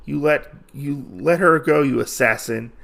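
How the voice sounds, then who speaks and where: A man's voice: medium pitch, unhurried, vocal fry, a bit bright. A man voicing a weary, fierce male rabbit ronin who talks in stern threats, retold in a comic recap.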